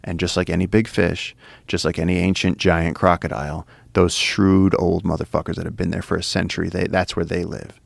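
Male podcast guest, very low gravelly voice, animated storyteller, swears freely, dry close mic. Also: fairly quick, no room sound. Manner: excited, profane, lots of fillers and restarts. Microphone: studio podcast mic.

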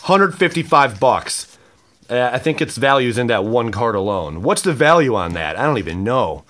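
An excitable man hosting a card-opening video, exclaiming often and swinging between loud outbursts and low mutters. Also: normal speed. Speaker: card-opening channel host. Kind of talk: excited unboxing vlog.

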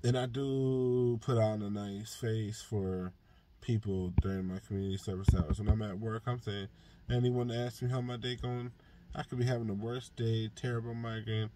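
A man's voice: lowish voice, normal speed, noisy background. A young man talking earnestly and heartfelt to camera, rambling about his faith in a casual vlog. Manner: drawls softly when relaxed, livelier when engaged. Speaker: vlogger.

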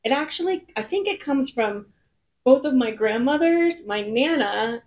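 A woman's voice: high voice, lively intonation, unhurried, darkish tone, highs cut off. A woman singer-songwriter as a podcast guest, telling stories in a bubbly, rambling way. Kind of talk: casual podcast chat. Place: in Nashville.

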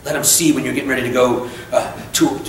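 A man's voice: medium pitch, steady tone, quick pace, gravelly, far from the mic, a little hiss or hum. A man preaching a sermon as pastor, emphatic and repetitive, breaking into casual asides and stories about himself. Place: church sanctuary. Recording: echoey church recorded from afar.

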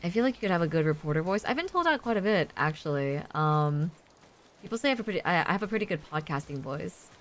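A woman's voice: on the low side, big pitch swings, quick pace. An American woman streaming a game, chatting and giggling with her viewers in casual commentary. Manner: chatty, giggly, talks to chat.

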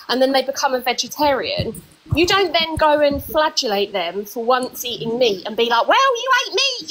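High-voiced woman arguing on a live stream. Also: a bit bright, poor audio. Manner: argumentative, lecturing. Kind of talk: heated live stream debate.

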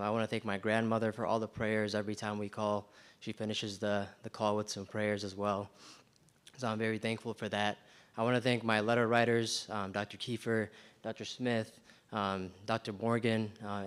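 A young man, a medical graduate, calmly thanking his family and mentors in a match day speech. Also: on the low side, normal speed, clear, resonant tone. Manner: calm, thankful, steady.

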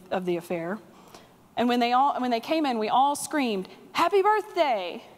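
A woman pastor preaching a sermon, telling a story vividly with acted dialogue. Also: fairly high pitch. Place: church sanctuary. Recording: long-reverb church sanctuary.

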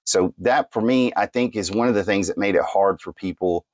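Low-voiced guy rambling through a knife review, lots of ums, dry close sound. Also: normal speed, a little mellow, dry recording. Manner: rambling, many fillers and restarts. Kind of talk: casual product review.

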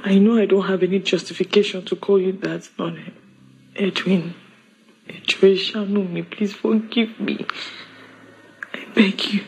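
A remorseful young wife with a Nigerian accent, pleading for forgiveness in a slow, breathy voice. She stammers and repeats herself as she begs, soft and unhurried, in a film drama scene. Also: medium pitch, fairly even intonation, poor audio.

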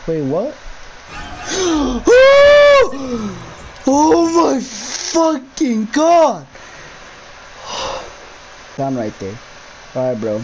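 A man's voice: a little high, background noise. A young man commentating his own gameplay of a horror map, jumpy, swearing a lot and yelping at scares. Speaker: gamer.

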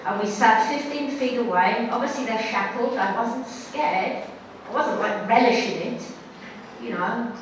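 High-voiced woman telling a wry story. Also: a little slow, a little hiss or hum. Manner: animated, wry and self-mocking. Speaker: guest speaker. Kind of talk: humorous personal storytelling talk. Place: synagogue hall before an audience. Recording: echoey hall from far off.

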